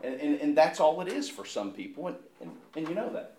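A man's voice: on the high side, big pitch swings, fairly quick, dark tone. Earnest preaching man, echoey room. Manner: earnest, with frequent repeated words and restarts. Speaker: pastor. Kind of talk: sermon.

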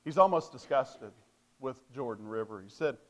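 A man's voice: mid-range voice, expressive, moderate pace, a bit bright. A man preaching a sermon, emphatic and repetitive, asking rhetorical questions and stressing key phrases.

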